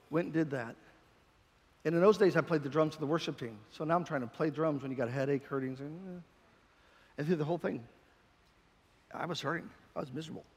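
A man preaching a sermon with passion, swinging between shouted peaks and quiet, storytelling stretches. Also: mid-range voice, big-room sound.

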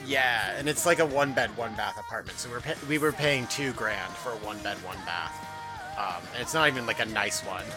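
A man co-hosting a podcast in casual chat, laughing and swearing often, with many restarts. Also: medium pitch. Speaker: podcast co-host.

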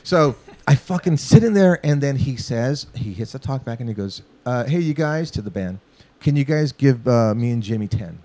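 A man's voice: medium pitch, normal speed. A man from Los Angeles telling a long studio story in a casual, profane way, acting out what people said. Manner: profane, animated, acts out quotes. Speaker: guest musician.

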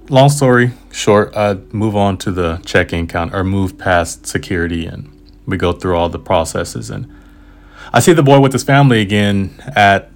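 Deep-voiced American man telling a travel story. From United States. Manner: rambling, self-aware, with frequent asides and restarts. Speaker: travel writer. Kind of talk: casual first-person travel storytelling.

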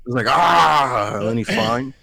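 Brief: male podcast host, mid-pitched, casual and profane, dry close mic. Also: moderate pace, dry recording. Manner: profane, rambling storytelling. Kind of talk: casual chat.

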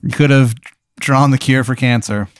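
Smooth-voiced man telling a deadpan tale. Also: normal speed, no echo. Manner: deadpan, low-key narration with chuckles. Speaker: podcast host posing hypotheticals. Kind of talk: improvised comedic storytelling.

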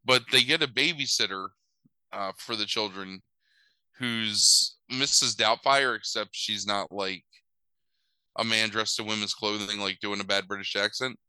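A man's voice: lowish voice, measured pace, pushed and bright, clear, resonant tone, no room sound, poor audio. A young man casually recapping a movie plot, rambling with lots of fillers and wry asides.

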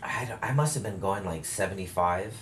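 A man's voice: low voice, brisk, slight background noise. A man in a candid, casual conversation, telling a long personal story with frequent fillers and self-corrections. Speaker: guest telling his story.

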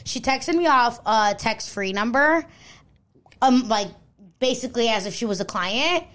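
A woman's voice: a little high, expressive, unhurried, a bit bright. A young adult woman hosting a podcast, telling a long story in casual chat, rambling with lots of "like" and reading out text messages. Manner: rambling, heavy use of "like", quotes texts aloud. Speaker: podcast host.

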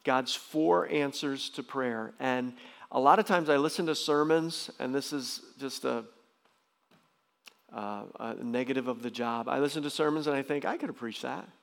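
Gravelly pastor preaching with emphatic bursts. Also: male voice, moderate pace. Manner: emphatic, swings into loud high bursts. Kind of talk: sermon. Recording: long reverb of a large hall.

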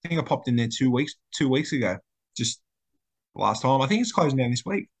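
A man's voice: medium pitch, expressive, brisk. A young man in casual chat, a rambling storyteller full of slang and restarts.

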